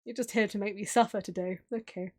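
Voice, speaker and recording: A woman's voice: medium pitch, steady tone, fast talker, a little mellow. A woman streamer chatting casually while drawing, gushing and giggling often. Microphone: streaming mic.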